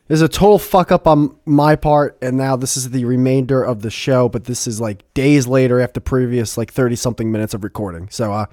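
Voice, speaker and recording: A male podcast host chats loosely, rambling through his thoughts, laughing often and swearing freely. He speaks at a middling pitch. The mic sound is dry and close. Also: darkish tone, dry recording. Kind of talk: casual podcast chat.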